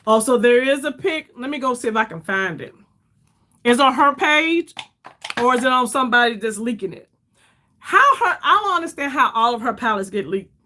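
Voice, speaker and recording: Woman, middle-aged, fairly high voice, tired, chatty makeup livestream talk, rambling. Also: lively intonation, brisk, bright, forceful tone. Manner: chatty, addresses viewers as y'all, rambling. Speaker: beauty livestream host. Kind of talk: casual livestream makeup chat.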